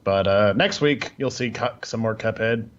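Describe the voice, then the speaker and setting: A man's voice: on the low side, moderate pace. A man chatting casually on a podcast in a loose, rambling way, swearing freely. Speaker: podcast co-host. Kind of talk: casual chat. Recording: muffled lo-fi audio.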